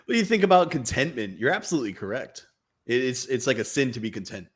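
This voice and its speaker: Laughing, animated man in casual chat. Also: medium pitch, fast talker. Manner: animated and reflective, laughs easily, uses metaphors. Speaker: podcast co-host.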